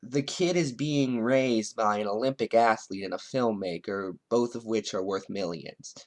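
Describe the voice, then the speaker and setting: A man's voice: lowish voice, unhurried. A man hosting a political commentary show, speaking in a sarcastic, wry monologue. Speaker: host.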